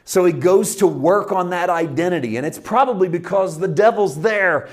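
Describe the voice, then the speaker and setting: A man preaching a sermon with impassioned delivery, dropping to a hush and rising to loud emphasis, stretching out key phrases. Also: high-pitched, moderate pace. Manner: impassioned, swinging from hushed to loud.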